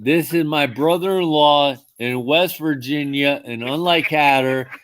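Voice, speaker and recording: A drunk man hosting a livestream, loud and profane, laughing with his callers. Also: on the high side, measured pace. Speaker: host. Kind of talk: livestream chat.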